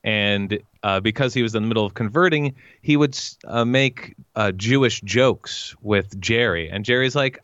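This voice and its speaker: A man co-hosting a podcast in casual chat, animated and playful. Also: fairly low pitch, moderate pace, few pauses, clean tone, no echo, highs cut off. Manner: animated, slips into jokey voices. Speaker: podcast co-host.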